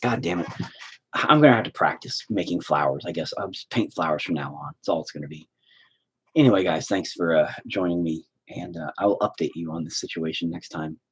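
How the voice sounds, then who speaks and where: A man's voice: sits low, a little fast, husky. A man vlogging about his own art in a rambling, sarcastic, self-mocking way, swearing often. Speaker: artist vlogger. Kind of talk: casual self-deprecating vlog.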